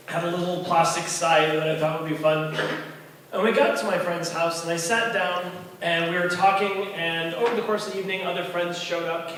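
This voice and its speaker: A man's voice: fairly high pitch, slight background noise. A man telling a story at an open mic night in a bar, acting out the voices of the people in it. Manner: animated, acts out voices of kids and friends. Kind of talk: spoken storytelling. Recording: echoey bar from far off.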